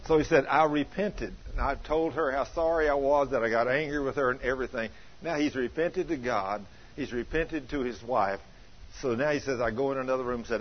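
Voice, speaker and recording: A man's voice: medium pitch, husky. A man preaching a sermon in a church, retelling a testimony in a folksy way and asking the congregation questions. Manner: folksy, rising to shouts, asks the congregation questions. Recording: dull lo-fi sermon recording.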